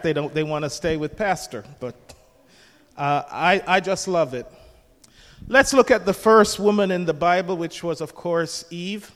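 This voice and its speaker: A man's voice: sits high, fairly bright tone, big-room sound. An older man preaching a sermon as pastor, jovial and conversational, asking the congregation questions.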